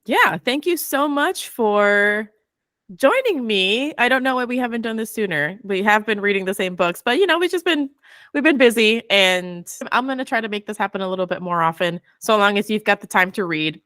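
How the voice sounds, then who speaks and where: امرأة تقدّم بودكاست بأسلوب دردشة عفوية، صوت جاف قريب. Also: female voice, medium pitch, moderate pace, no room sound. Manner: relaxed, chatty, full of fillers. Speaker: podcast host. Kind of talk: casual book club chat.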